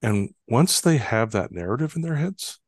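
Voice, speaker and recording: A man, a guest on a podcast, speaking in a calm, measured way about building trust. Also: medium pitch, no room sound. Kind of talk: reflective conversation.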